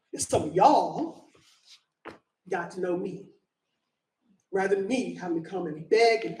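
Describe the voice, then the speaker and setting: A man in his fifties from San Francisco, giving a public comment at a meeting, speaking slowly and addressing people in the room directly and playfully. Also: sits high. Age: 50s. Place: community center meeting hall. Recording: echoey hall, distant mic, faint noise.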